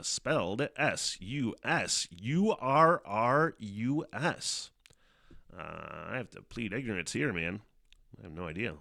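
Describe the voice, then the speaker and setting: A man's voice: lowish voice, gravelly, a bit bright, no room sound, clean studio sound. A man hosting his own casual live-stream podcast, rambling and cursing freely, laughing at himself as he talks into a desk mic. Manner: profane, rambling, self-mocking, laughs often. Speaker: podcast host. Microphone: headphones on, desk mic.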